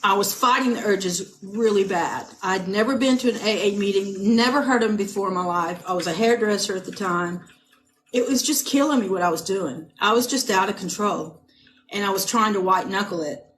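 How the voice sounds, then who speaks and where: A middle-aged woman from California, a podcast guest giving a personal testimony, speaking in halting, emotional bursts with repeated words and restarts. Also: mid-range voice, a bit bright, a little hiss or hum. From United States (California).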